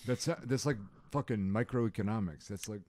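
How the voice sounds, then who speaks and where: Very deep-voiced man with sardonic asides. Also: moderate pace, darkish tone, no echo. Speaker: podcast host. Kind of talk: casual podcast chat.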